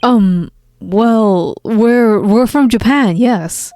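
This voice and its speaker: A woman voicing a nervous, earnest young male lawyer in a lowered voice. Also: drawn-out words, warm tone, dry recording. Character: anxious young Japanese lawyer, man.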